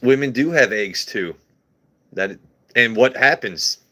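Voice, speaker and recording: A man's voice: medium pitch, expressive, slow pace, sharp tone. A young man hosting a casual whiskey livestream, joking crudely and answering his chat as he pours.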